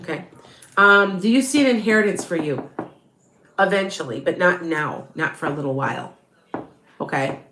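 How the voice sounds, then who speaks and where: A woman's voice: lowish voice, normal speed, pauses often, roomy sound, noisy background. A woman tarot reader with a stuffy nose, chatting as she answers viewer questions on a live stream. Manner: chatty, thinking aloud.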